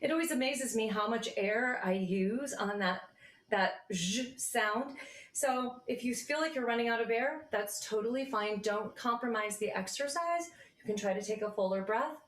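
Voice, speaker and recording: A woman teaching a choir vocal warm-up, reassuring singers as she explains each exercise. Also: fairly high pitch, moderate pace, roomy sound. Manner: relaxed, reassuring coaching with sung demonstrations.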